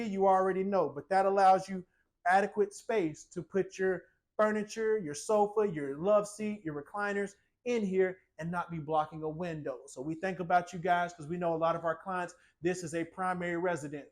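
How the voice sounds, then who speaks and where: A man's voice: high voice, a little mellow. A man hosting a walkthrough tour of a small home, talking in a playful, colloquial sales patter. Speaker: host giving a home tour. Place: indoors in a small tiny house.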